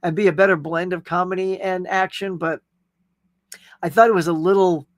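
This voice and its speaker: A man with a high voice hosts a casual live chat show, answering viewer comments in a rambling, friendly, talkative way full of fillers and laughs. His intonation stays fairly even and he talks at a normal speed. The recording is dry, with clean studio sound.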